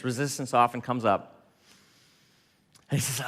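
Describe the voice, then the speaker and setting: A man giving a storytelling talk, animated and laughing, quoting people in dialogue. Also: medium pitch, fast, in a large hall. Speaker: speaker.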